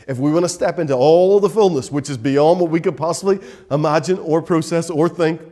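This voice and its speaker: A man's voice: on the high side, dark tone. A man preaching a sermon as pastor, emphatic and repetitive, with many rhetorical questions.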